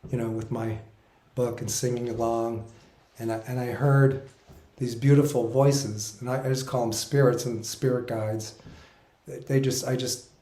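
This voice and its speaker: A man's voice: mid-range voice, mellow, reverberant. A man in his sixties telling a personal story in an earnest, reflective way, wandering and correcting himself as he goes. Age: 60s. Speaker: spiritual musician recounting his experiences.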